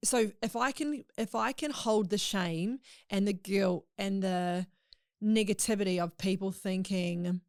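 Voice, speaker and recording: A woman's voice: mid-range voice, measured pace, darkish tone, no echo, clean studio sound. A woman guest on a podcast, telling a personal story in a candid, emotional way in casual chat.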